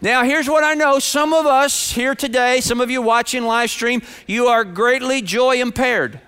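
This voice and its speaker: A man's voice: extremely high pitch, a little slow, pushed and bright, clear, resonant tone. A man preaching a sermon to his congregation, earnest and direct, often repeating phrases for emphasis. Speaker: pastor.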